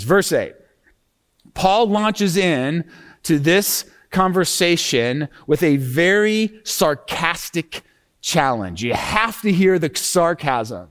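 A man preaching a sermon as pastor, lively and expressive, acting out tones when he quotes scripture. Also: a little high. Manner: animated preaching, acts out sarcastic tone when quoting scripture.

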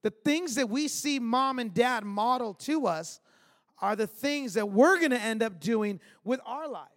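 High-voiced man preaching in a hall. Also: animated, measured pace, fairly bright tone. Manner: storytelling, conversational, emphatic asides. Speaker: pastor. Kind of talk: sermon. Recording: long reverb of a large hall.

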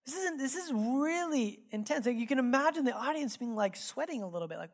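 A woman delivers a sermon like a heart-to-heart, chatty and frank, with plenty of fillers and asides. Her delivery climbs into lively, emphatic stretches, then drops to quiet, hushed reflection. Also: high-pitched, a little fast. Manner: conversational, candid storytelling with many fillers. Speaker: pastor.

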